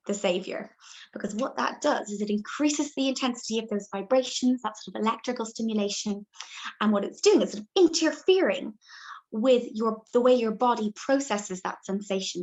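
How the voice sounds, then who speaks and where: A woman's voice: fairly high pitch, expressive, moderate pace, a little mellow, low-quality recording. A woman, a birth educator, giving a chatty, reassuring live demonstration and showing each step as she talks.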